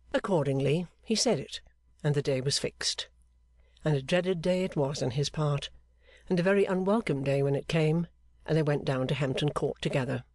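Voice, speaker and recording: A man reading a classic novel aloud in a measured, expressive way. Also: a little high, no echo, clean studio sound. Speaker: audiobook narrator. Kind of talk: scripted narration of a classic novel.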